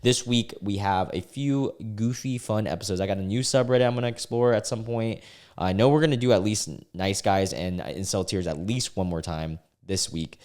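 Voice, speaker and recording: A man's voice: on the low side, moderate pace, a little mellow. A young man casually reading out online posts and reacting with incredulous comments, as a regular video host.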